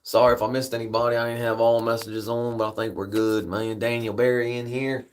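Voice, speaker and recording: A man's voice: mid-range voice, level tone, a little fast. Rambling, cussing man telling a story. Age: adult with a daughter. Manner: rambling, profane, peppers speech with "man". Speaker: livestream host. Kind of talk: casual storytelling.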